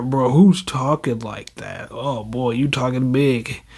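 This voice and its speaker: A man hosts a laid-back manga reaction, speaking in lively slang, laughing a lot and calling everyone "bro." His mid-range voice is gravelly with a breathy edge, and he talks slowly.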